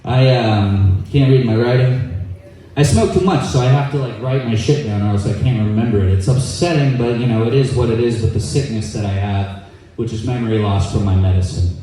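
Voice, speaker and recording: A young man performing a stand-up comedy set, deadpan, acting out quoted voices in quick asides. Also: medium pitch, far from the mic. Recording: echoey room, voice off-mic.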